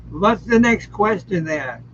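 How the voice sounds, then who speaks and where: A man's voice: high-pitched, lively intonation, a little slow, fairly bright tone. A man joining a casual livestream game night, rambling and joking with lots of fillers, over muffled stream audio with faint hiss.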